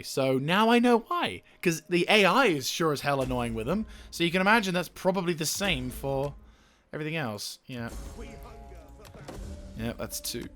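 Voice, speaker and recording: A young man commentating his strategy game, swearing freely and venting frustration between calm planning. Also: fairly high pitch. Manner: profane, ranting, venting frustration. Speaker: gaming YouTuber. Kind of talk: let's play commentary.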